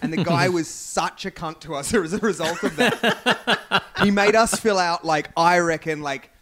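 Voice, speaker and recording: A man's voice: high voice, a little slow, a bit bright. A man with an Australian accent, co-hosting a podcast in loose comedic chat and laughing often. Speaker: podcast co-host.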